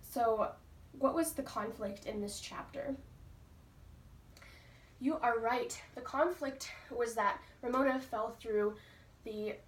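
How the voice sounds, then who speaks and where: A woman's voice: a little high, slow, pauses often. A woman teacher reading a book aloud to her class and stopping patiently to ask the pupils questions. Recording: roomy, from far off.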